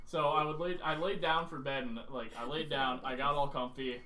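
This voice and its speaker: High-voiced young man telling a story. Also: moderate pace, distant mic. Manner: animated, swearing, laughing through story. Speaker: podcast co-host. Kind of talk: casual storytelling.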